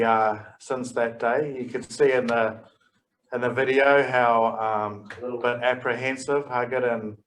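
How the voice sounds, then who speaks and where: A man's voice: medium pitch, poor audio. A man hosting a talk session, presenting and putting a question to a guest, with many ums and restarts. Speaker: session host. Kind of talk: presenting and asking a panel question.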